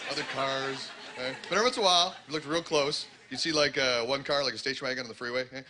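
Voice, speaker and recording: A man's voice: medium pitch, quick pace. A man from Canada with a Canadian accent, doing a sardonic, conversational stand-up comedy set. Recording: loud background noise.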